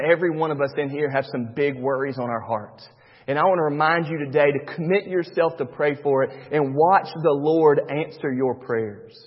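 A man, a pastor preaching a sermon, swinging between loud and hushed. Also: medium pitch, husky. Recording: dull recording with long church reverb.

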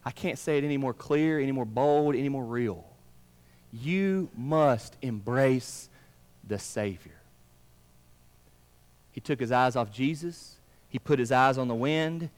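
A male pastor preaching a sermon, swinging between emphatic lines and hushed, drawn-out words. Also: medium pitch. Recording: long reverb of a large room.

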